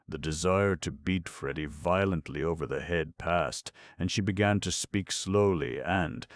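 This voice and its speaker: Very deep, creaky audiobook narrator, a man. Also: no room sound. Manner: expressive, measured storytelling. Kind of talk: scripted narration.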